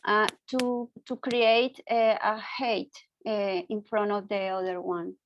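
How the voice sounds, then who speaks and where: Woman, Colombian accent, slow and searching, dull dry video-call audio. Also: mid-range voice, little pitch movement, no room sound. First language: Spanish. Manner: slow, searching for words, laughing asides. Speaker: discussion participant. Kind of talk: online academic discussion.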